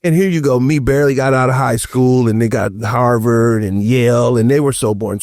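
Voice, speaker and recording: A man on a podcast panel telling personal stories in casual chat, animated and acting out the voices of the people he quotes. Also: mid-range voice, fairly quick, few pauses, no room sound, clean studio sound. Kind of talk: casual roundtable chat, storytelling.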